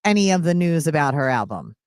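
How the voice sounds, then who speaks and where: A woman with a Philadelphia accent hosts a casual sports radio show. Her pitch swings widely as she talks, and she laughs easily between quick asides. The sound is close and dry. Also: very animated, a little mellow, clean tone, no echo.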